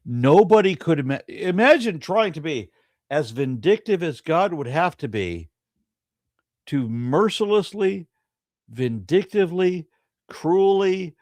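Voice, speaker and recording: A man's voice: fairly high pitch, sing-song, slow, a little mellow, no room sound. A man co-hosting a live stream, talking bluntly and emphatically, with some profanity. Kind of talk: casual debate review chat.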